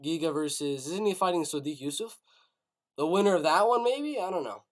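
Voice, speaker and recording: Lively young man thinking aloud. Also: a little high, brisk. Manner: thinks aloud, repeats himself, stammers. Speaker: host. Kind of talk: live-stream commentary.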